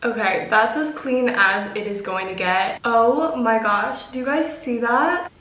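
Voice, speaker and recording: A woman's voice: on the high side, a little slow, a bit bright, roomy sound, recorded from a distance, slight background noise, rough recording. A young woman vlogging at home, chatting casually to her viewers and getting nervous and jittery as she talks. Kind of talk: casual tutorial vlog. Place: room at home.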